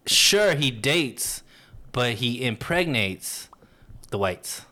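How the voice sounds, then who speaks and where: Young male co-host, teasing and laid-back, bright lively delivery. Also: medium pitch, very slow. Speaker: podcast co-host. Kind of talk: casual chat.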